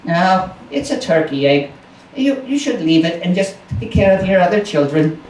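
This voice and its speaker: A man's voice: sits high, expressive, normal speed, a little mellow, slight background noise. A man telling a folk tale live to a small audience, playful, with chatty asides. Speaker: storyteller. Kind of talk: live storytelling performance. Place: small house concert venue. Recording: roomy live recording from a distance.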